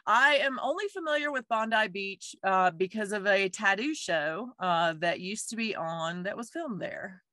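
A woman's voice: mid-range voice, lively intonation, normal speed, hardly any pauses, bright, forceful tone, dry recording. A woman hosting a podcast, with an upbeat, friendly and polished delivery. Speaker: podcast host.

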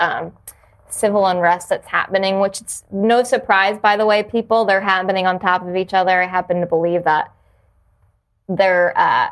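A woman guest on a podcast, talking earnestly and reflectively about purpose, with frequent restarts. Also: mid-range voice. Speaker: podcast guest, yoga teacher. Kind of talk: casual interview conversation.

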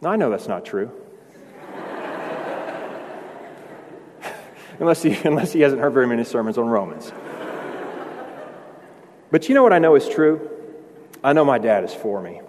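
A man's voice: medium pitch, big pitch swings, a little slow, pauses often, a little mellow, a little hiss or hum. A man in his forties, a pastor, preaching a sermon in a conversational way that builds to emphatic peaks. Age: 40s. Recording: long hall reverb.

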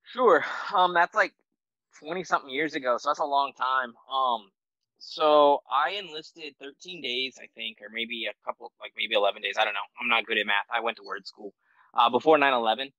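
A man's voice: medium pitch, moderate pace, sharp tone, dry recording, rough recording. A man in his forties from the United States, a military veteran guest telling his story in a loose, self-deprecating way, full of fillers and restarts. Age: 40s. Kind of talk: casual storytelling interview.

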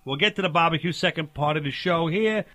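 Pushy radio guy riffing on and on, slightly high voice, quick. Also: fairly bright tone, no echo. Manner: rambling, pushy, jokey. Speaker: radio host. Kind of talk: comedic talk radio banter.

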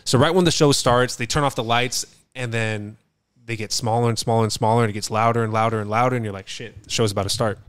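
A man's voice: mid-range voice, steady tone, fast, clear, resonant tone, no echo. A young man co-hosting a podcast, telling an anecdote in laid-back, profane casual chat. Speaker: podcast co-host, son.

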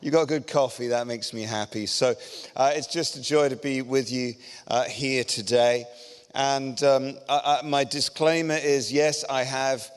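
A middle-aged man with an English accent delivers a sermon to a church congregation. His voice is smooth and clear, and his manner is lively and self-deprecating. The sound carries a long reverb from a large church hall. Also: medium pitch, unhurried. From England. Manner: self-deprecating, joking and energetic. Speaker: guest preacher.

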